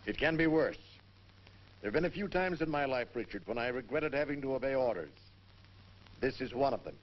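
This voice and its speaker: An actor voices a weary cavalry fort commander in an old western film. He speaks gravely and with measured weight, his pitch rising and falling widely. The sound is dull and muffled, like an early 1950s soundtrack. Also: expressive, close to an everyday voice.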